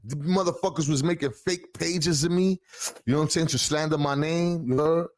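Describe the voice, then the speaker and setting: A man's voice: on the high side, fairly even intonation, moderate pace, no room sound. Streetwise New man telling a story. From the Bronx, New York. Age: 40s. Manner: streetwise slang, keeps asking "you heard?". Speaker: podcast guest. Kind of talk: casual storytelling.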